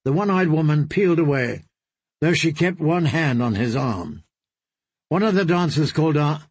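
A man narrating an audiobook in a steady storytelling manner, close to the mic. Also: on the high side, moderate pace, husky, dry recording. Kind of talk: scripted narration.

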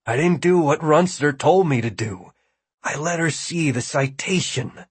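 A man's voice: fairly high pitch, measured pace, slightly rough, dry recording, voice pushed up. A man voicing an exhausted, frightened man who speaks weakly and with strain. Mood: weary. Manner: weak, strained delivery.

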